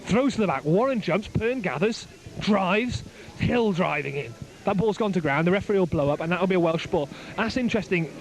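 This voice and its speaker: A man giving live play-by-play rugby commentary outdoors at a ground, excitable and joking, his voice climbing as the play builds. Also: sits high, fairly quick, few pauses. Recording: noisy outdoor amateur recording.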